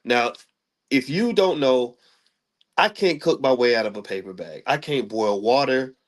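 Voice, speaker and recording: Animated, stammering middle-aged male host. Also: mid-range voice, a little slow. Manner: animated storyteller who stammers and repeats words; self-mocking and humorous. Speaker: commentator and channel host. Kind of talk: casual monologue to camera.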